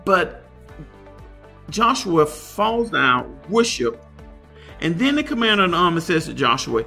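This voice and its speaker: Gravelly-voiced man teaching scripture. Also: fairly high pitch, very animated, bright, forceful tone, soft background music. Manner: unhurried, explanatory, reads scripture aloud then comments. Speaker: pastor. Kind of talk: Bible study teaching.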